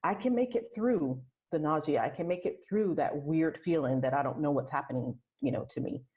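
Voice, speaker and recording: Low-voiced woman, muffled lo-fi sound. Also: brisk. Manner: soft, reflective, with frequent restarts. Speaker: podcast guest, aromatherapist and health coach. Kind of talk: casual interview chat.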